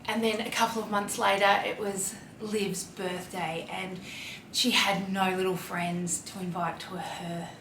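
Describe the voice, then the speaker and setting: An Australian woman in her thirties, a mom and fashion vlogger, shares a casual, heartfelt confession, chatty and laced with fillers. Her medium-pitched, fairly bright voice moves unhurriedly, with little pitch variation and few pauses. Roomy echo, faint ambience and a little hiss or hum come through the distant mic.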